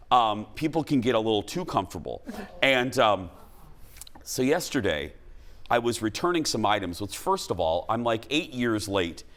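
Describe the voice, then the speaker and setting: A man hosting a talk show, chatting casually and telling stories with lots of animation, often switching to high voices for quoted lines. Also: fairly bright tone. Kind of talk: casual studio chat.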